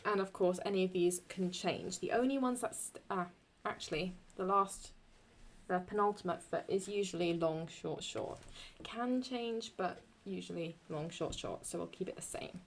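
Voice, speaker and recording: A young woman explaining Latin verse in a casual, halting way, often stopping to correct herself as she writes. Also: on the low side. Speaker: Latin teacher.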